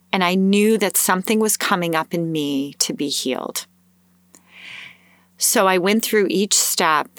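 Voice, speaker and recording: A woman telling a personal story in a casual, animated way, acting out her own thoughts in a higher voice. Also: dry recording. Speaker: host sharing a personal story.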